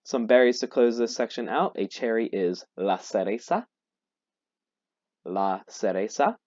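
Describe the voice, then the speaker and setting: A man teaching a vocabulary lesson, explaining and repeating each word slowly. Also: on the low side, a little mellow, no echo. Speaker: Spanish teacher. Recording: dull lo-fi dry recording.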